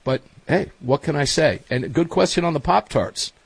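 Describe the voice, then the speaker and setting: A man hosting a casual chat show, telling stories in a chatty, animated way. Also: a little high, moderate pace, creaky, husky, no echo. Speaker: host.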